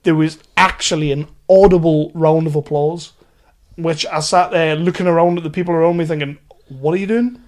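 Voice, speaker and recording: A man with a high voice talks through films with a friend on a podcast. He is chatty and sweary and laughs often. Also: flat delivery, fairly quick, a little mellow. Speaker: podcast co-host. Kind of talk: casual chat.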